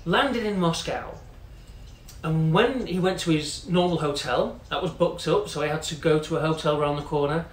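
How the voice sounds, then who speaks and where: A man's voice: on the high side, normal speed. Chatty man telling a story. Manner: chatty, many "you know" fillers, acts out quoted voices. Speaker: company CEO telling a story. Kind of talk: casual storytelling. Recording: echoey room with faint noise.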